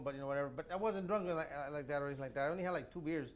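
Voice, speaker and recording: A young adult man from the United States, a comedian telling a story in casual chat, animated and often repeating words as he stammers. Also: a little high, very fast, crowd noise. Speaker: comedian guest.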